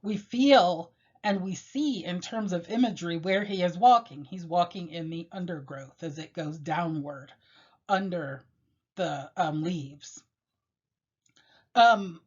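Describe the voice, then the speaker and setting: Low-voiced woman lecturing on poetry. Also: lively intonation, darkish tone, breathy edge. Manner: measured, explanatory, with pauses and fillers. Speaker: literature teacher. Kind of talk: classroom lecture on a poem. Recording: dull lo-fi recording.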